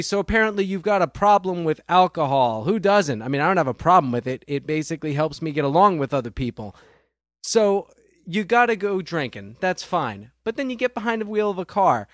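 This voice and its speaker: A man's voice: a little high, no room sound, clean studio sound. A man delivering a profane, sarcastic comedic rant straight to the listener. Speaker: comedic ranter.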